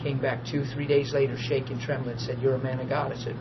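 A man, preaching and telling a personal testimony, swinging from hushed talk to loud tearful laughter. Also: medium pitch, little pitch movement, fairly quick. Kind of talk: testimony storytelling. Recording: dull lo-fi audio with noise.

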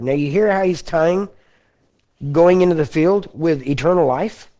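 Man from Texas, preacher teaching a class: folksy, keeps asking the room "Amen?", clears his throat a lot, slows to read verses, slightly high voice. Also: dark tone. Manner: folksy, asks the audience "Amen? You understand?"; slows down when reading scripture. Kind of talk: sermon teaching.

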